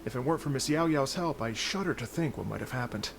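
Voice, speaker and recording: An actor playing a gentle, courteous traveling musician who speaks softly and tells stories at length. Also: male voice, mid-range voice, expressive, quick pace, gravelly, slight background noise. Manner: soft-spoken, storytelling.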